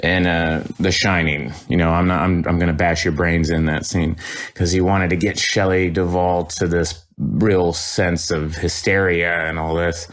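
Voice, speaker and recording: A middle-aged actor guest on a podcast, telling animated stories with quick restarts. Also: male voice, deep voice. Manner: animated storytelling with restarts and laughs. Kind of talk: podcast interview anecdote.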